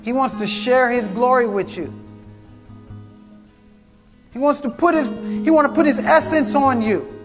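A man's voice: very high voice, measured pace, pauses often. A man preaching a prophetic sermon, fervent and repetitive, calling out to the congregation. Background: guitar music.

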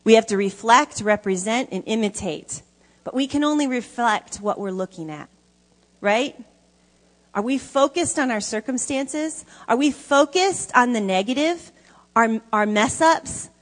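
A woman's voice: fairly high pitch, expressive, a little slow, in a large hall. A woman preaching a sermon to a congregation, emphatic and conversational, often asking the audience questions. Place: church hall before an audience.

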